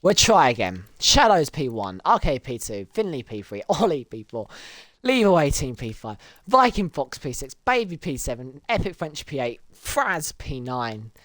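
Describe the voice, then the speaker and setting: A woman hosting and commentating a sim racing event, laughing often and straining her voice from shouting. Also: normal speed, few pauses, dry recording, clean studio sound. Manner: excitable, laughs often, voice leaps high and loud in exciting moments. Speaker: race commentator and host.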